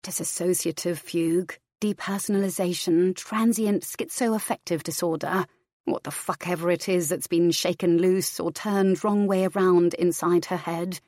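A woman reading a novel aloud in a measured, even voice. Her tone sits low, and the recording is close and dry. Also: no room sound. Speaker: narrator. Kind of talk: audiobook fiction reading.

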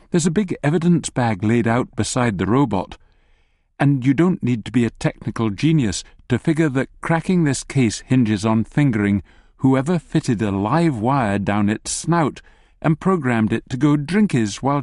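A man narrating a story in the second person with lively, wry asides, reading from a script. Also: medium pitch, no echo, clean studio sound. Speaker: audiobook narrator.

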